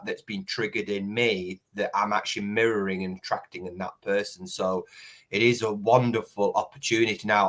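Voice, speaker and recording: A man's voice: lowish voice, fairly bright tone. A man hosting a casual podcast conversation. He speaks reflectively, hedging and restarting as he works through his thoughts. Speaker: podcast host.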